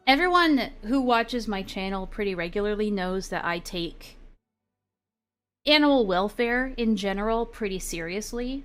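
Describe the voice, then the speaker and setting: A woman's voice: mid-range voice, normal speed, faint music behind. A woman streamer casually retelling an argument, acting out both sides of the dialogue with lots of fillers. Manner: animated retelling with quoted dialogue and frequent fillers. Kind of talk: casual storytelling chat.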